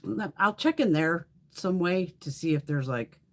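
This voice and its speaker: A woman's voice: fairly low pitch, a little slow. A woman hosting a beauty livestream, chatting casually and telling stories with lots of swearing. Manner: animated storytelling with frequent swearing. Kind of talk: casual chat.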